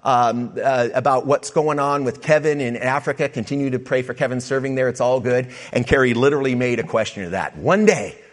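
A middle-aged pastor preaching a sermon, with conversational asides to the congregation. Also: male voice, a little fast, few pauses. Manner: animated preaching, pitch rising for emphasis and dropping low.

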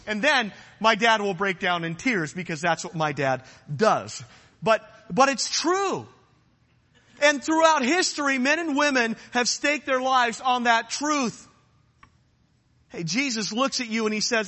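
A man's voice: very high-pitched, animated, measured pace, pushed and bright, in a large hall. A man preaching a sermon, earnest and emphatic, repeating phrases for effect.

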